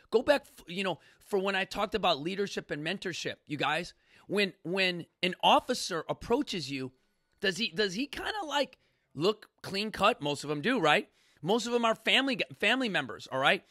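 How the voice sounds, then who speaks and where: A man's voice: high voice, sharp tone, dry recording, studio quality. A man hosting a talk show, ranting in an impassioned, profane way with many restarts. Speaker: podcast host.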